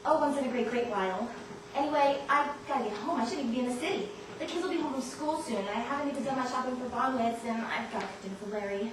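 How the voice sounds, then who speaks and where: A woman's voice: on the high side, fast talker, close to an everyday voice. A young woman playing a flustered, nervous married woman from New Jersey on a school stage. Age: teens. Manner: flustered, jittery, breathless. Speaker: student actor in a school play. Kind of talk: stage acting. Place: school stage before an audience. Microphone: far camera in the hall. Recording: echoey stage recording, far off, noisy.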